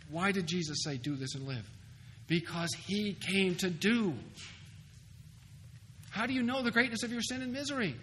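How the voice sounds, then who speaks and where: A man giving a theology lecture at a conference, emphatic and animated, with wry asides. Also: sits high, moderate pace. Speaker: seminary professor lecturing. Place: conference hall. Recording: hall reverb with faint noise, 2004 recording.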